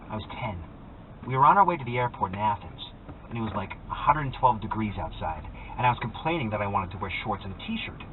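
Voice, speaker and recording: Man narrating a story over a tinny line. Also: medium pitch. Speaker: audiobook reader. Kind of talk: scripted first-person narration. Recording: tinny phone-like sound with faint noise.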